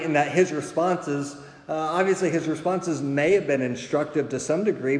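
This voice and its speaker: A man's voice: a little high, darkish tone. A man in his thirties preaching a conversational sermon as a pastor, with frequent "right?" asides. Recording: echoey hall.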